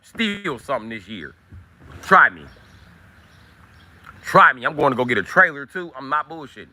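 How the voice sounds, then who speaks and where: A man rants on his livestream, swearing freely and combatively. His voice is bright and forceful, with a tense edge. He talks in a loose, casual way. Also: medium pitch, lively intonation, moderate pace. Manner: profane, combative ranting. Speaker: livestream host.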